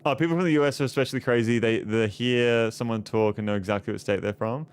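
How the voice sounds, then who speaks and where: A man's voice: medium pitch, fast, clear, resonant tone. A young Australian man streaming a game, chatting casually with viewers and reading their messages aloud in a loose, rambling way full of swearing. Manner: relaxed, rambling, swears a lot, reads chat aloud. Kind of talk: casual live-stream chat. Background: game music.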